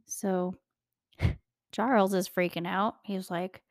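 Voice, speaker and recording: A young woman hosting a casual true-crime podcast, chatty and animated, laughing often and talking straight to her listeners. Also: medium pitch, takes it slowly, long pauses, dry recording, studio quality. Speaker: podcast host.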